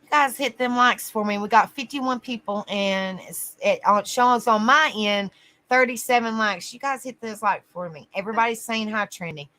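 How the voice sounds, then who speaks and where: A woman's voice: on the high side, normal speed, pushed and bright. A woman hosting a casual livestream, greeting viewers by name and calling them honey. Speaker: livestream host.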